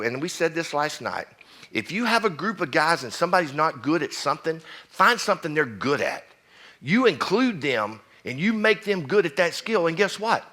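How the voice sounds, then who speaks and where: Blunt fire chief, bright voice. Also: male voice, on the high side. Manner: blunt, preachy, keeps asking the crowd questions. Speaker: fire chief speaking at a conference. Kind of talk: fiery conference speech.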